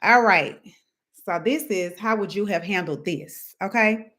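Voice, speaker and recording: A young woman hosting a casual live stream, chatty and animated, reading viewer comments and laughing often. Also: mid-range voice, a little slow.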